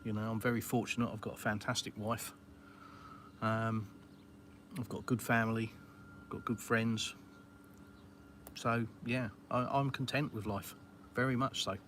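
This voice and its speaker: A man's voice: on the low side, little pitch movement, moderate pace, fairly bright tone, slight background noise. A middle-aged Englishman with an English accent, chatting casually on a live stream from beside his outdoor swimming pool and answering viewers with plenty of fillers and British slang. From England.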